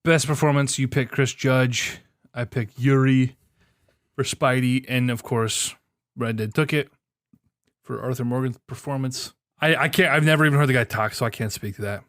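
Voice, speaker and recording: A young man with an average-pitched voice co-hosts a casual podcast chat, sarcastic and quick to swear, breaking into animated complaints. The recording is dry and close, with no room sound or echo.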